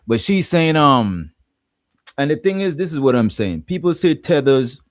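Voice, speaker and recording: A man's voice: a little high, very animated, normal speed, no room sound, studio quality. A man from Guyana with a Guyanese accent, hosting a casual livestream and rambling, often asking "you know what I'm saying". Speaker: livestream host.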